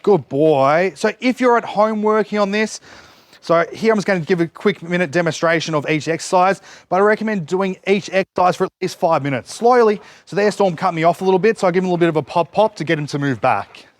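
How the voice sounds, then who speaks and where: A man's voice: high voice, fast talker, dry recording. A man demonstrating dog training outdoors, explaining each step while giving his dog short cues and praise. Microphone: camera set up nearby.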